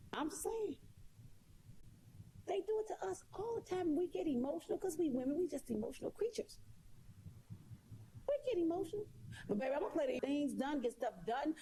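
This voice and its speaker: A woman's voice: high voice, expressive, normal speed, long pauses, warm tone, slight background noise. A woman talking straight to her viewers in a casual monologue, sassy and emphatic, repeating her points. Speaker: live streamer.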